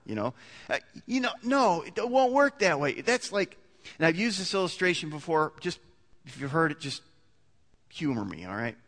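A man in the pulpit, talking his listeners through the point with many restarts and rising emphasis. His voice sits fairly high and sounds bright and forceful. A long reverb from a large hall trails behind every phrase. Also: very animated, normal speed. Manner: conversational, builds to emphatic peaks with many restarts. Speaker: pastor. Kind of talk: sermon.

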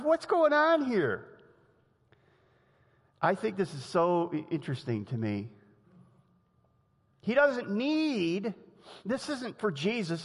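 A man preaching a sermon in a lively, conversational way, often laughing and acting out the quotes he tells. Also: high voice. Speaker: pastor. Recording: long hall reverb.

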